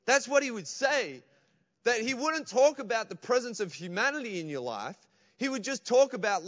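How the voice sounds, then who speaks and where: A man's voice: sits high, big pitch swings, a little fast, fairly bright tone, in a large hall, muffled recording. A man preaching a sermon as pastor, calling out to the congregation. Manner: preaching with call-outs to the congregation. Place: church.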